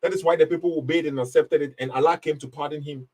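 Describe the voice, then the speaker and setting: A man's voice: fairly high pitch, steady tone, fast, darkish tone. A man hosting a live online debate, talking emphatically and mocking the caller's argument. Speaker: live stream host. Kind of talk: casual live debate commentary.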